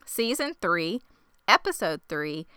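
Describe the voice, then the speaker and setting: A woman co-hosting a podcast in casual chat, chatty and teasing, quick to laugh. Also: lowish voice, sing-song, bright, forceful tone, clear, resonant tone, no room sound, studio quality. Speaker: podcast co-host.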